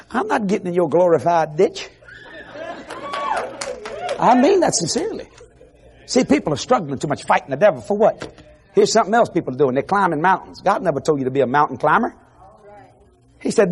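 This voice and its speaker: A man preaching an animated evangelical sermon to a congregation on television, laughing and shouting asides as he goes. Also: a little high, fairly quick, pauses often. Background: faint congregation crowd.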